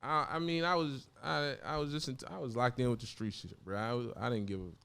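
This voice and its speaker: A man's voice: medium pitch, steady tone, fairly quick, creaky, a bit bright, clean tone. A man from Oakland, a rapper guest in a casual studio interview, talking in thick slang, laughing often and restarting his sentences. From Oakland, California. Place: podcast studio.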